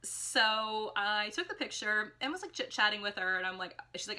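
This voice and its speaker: A woman's voice: mid-range voice, fairly quick, few pauses. A woman telling a rambling, casual storytime in a vlog, filling her talk with "like" and acting out quoted voices. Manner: rambling, heavy use of "like", animated quoted voices. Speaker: vlogger. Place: indoors at home, ring light.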